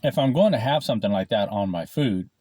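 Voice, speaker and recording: Brief: lowish-voiced, profane man rambling to the camera mic over lunch. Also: lively intonation, a little fast, mellow, dry recording. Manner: rambling, profane, swears often. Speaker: vlogger. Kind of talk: casual chat while eating lunch. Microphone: camera mic, no clip-on mic.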